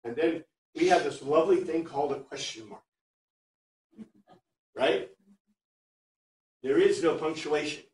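Guy teaching bible class, kinda high voice, echoey room, mic far off. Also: measured pace, long pauses. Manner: chatty, animated, reads Greek word by word.

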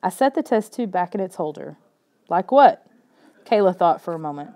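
A woman narrating a children's story in the first person, in a steady, plain storytelling way. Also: fairly low pitch, fast talker. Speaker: audiobook reader.

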